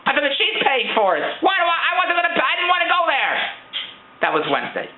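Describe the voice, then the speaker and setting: A middle-aged man grumbles through a joking, rambling complaint in a casual vlog. His voice sits high and his words tumble out quickly. It sounds tinny, like a phone line, in an echoey room. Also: huge pitch swings. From Philadelphia. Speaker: vlogger. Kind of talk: casual storytelling rant.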